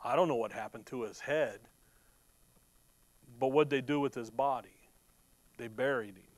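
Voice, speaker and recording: Speaking at medium pitch and a moderate pace, with no room sound, a man delivers a sermon by reading scripture verse by verse and breaking off to explain it. He answers his own rhetorical questions and restarts words when stirred.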